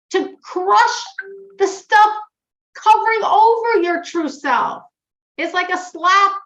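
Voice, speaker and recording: A woman teaching a religious class to a group, animated, moving between loud emphatic lines and hushed ones. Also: high voice. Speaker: Torah teacher. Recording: dull, lo-fi recording.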